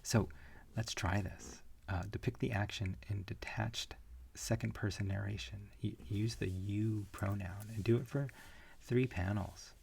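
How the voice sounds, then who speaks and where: A male instructor talks through an online comics lesson in a relaxed, rambling way. His low voice is gravelly and husky, and he pauses on frequent fillers. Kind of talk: online lecture.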